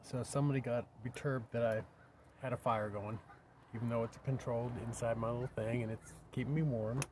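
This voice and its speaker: A man's voice: medium pitch, steady tone, fairly quick, background noise. An older man rambling to camera in a casual vlog while camping by his vehicle, sometimes dropping to a whisper. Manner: rambling, drops to a whisper at times. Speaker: vlogger.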